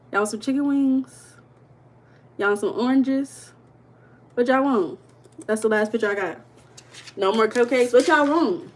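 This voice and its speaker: A woman hosts a casual livestream. She teases her viewers in a playful way and asks them the same question over and over. Her talk stays loose and chatty. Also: a little high. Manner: playful, teasing, repeats questions to the chat. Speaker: life coach and livestream host.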